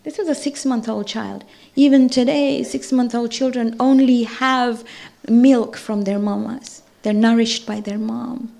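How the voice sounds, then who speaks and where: Woman preacher, high voice, impassioned grieving sermon narration, voice straining upward. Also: fairly even intonation, measured pace, vocal fry, darkish tone. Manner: impassioned storytelling, voice rising and breaking with grief. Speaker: zakira leading a ladies majlis. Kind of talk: emotional religious narration. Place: mosque hall.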